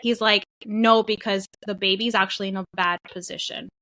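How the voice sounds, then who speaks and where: Young woman, bright forceful voice, animated storyteller, casual podcast chat. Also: mid-range voice, moderate pace. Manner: animated storytelling, acts out quotes. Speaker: podcast co-host. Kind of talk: casual chat, telling her birth story.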